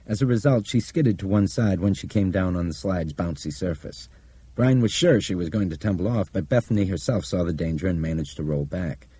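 A man narrating an audiobook in a steady, measured reading. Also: sits low, slightly rough, dry recording. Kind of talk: scripted narration.

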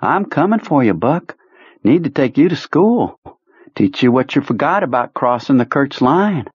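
A man's voice: medium pitch, big pitch swings, moderate pace, slightly rough, no echo, highs cut off, pitched above the performer's own voice. A man voicing a menacing, folksy military commander who patronizes his men as "laddie.". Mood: menacing, mocking.

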